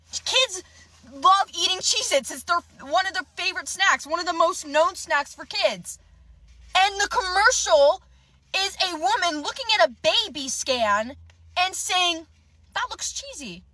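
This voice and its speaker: Bright, high-voiced woman ranting urgently. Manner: earnest and agitated, stumbling restarts. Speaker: content creator. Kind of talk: impassioned rant to camera.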